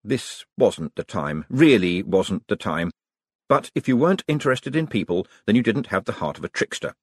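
Husky man narrating an audiobook. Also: on the low side, very animated, moderate pace, no echo, clean studio sound.

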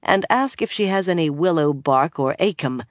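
A sharp-tongued young woman barks orders in a raised, clipped voice, as an audiobook narrator puts her on. She sounds commanding and impatient, and the reading is close and dry. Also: medium pitch, animated, moderate pace, no room sound, natural voice. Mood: bossy. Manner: snappish and commanding.

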